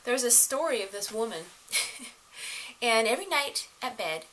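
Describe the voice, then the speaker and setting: A middle-aged woman giving casual relationship advice to the camera, animated and laughing often as she acts out the voices of others. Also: fairly high pitch, normal speed, low-quality recording.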